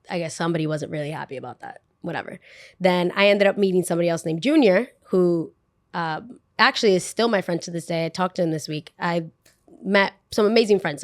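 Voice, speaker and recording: A young woman hosting a podcast, telling a work story in a casual, animated way and acting out the quotes with big jumps in pitch. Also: no echo, clean studio sound. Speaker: podcast host.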